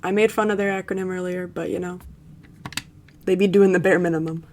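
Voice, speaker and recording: A young woman streamer giving casual commentary on a game, with sarcastic, crude, quick-witted remarks. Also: on the low side, fairly even intonation, a little mellow, a little hiss or hum.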